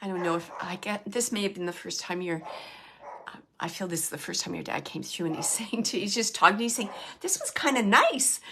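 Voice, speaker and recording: A woman's voice: fairly low pitch, fairly quick, gravelly, background noise. Earnest woman medium giving readings. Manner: earnest, repeats phrases, speaks straight to the sitter. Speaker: psychic medium and show host.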